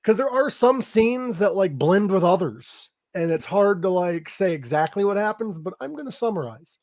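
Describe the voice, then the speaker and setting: Higher-voiced man casually recapping a movie. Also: expressive, normal speed, darkish tone. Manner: loose, profane retelling with frequent fillers and laughs. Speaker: podcast host.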